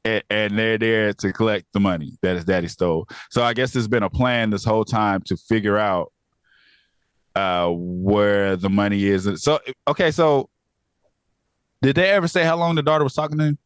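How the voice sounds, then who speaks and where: Podcast co-host, man, low voice, animated recap, dry close mic. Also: moderate pace, clean tone, no echo. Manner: laughing, animated retelling of plot with quoted lines. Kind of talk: casual review chat.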